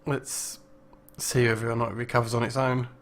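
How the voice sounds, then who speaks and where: A man hosting a live game stream, chatting casually and rambling with many pauses and restarts. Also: mid-range voice, little pitch movement. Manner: rambling, lots of ums and restarts.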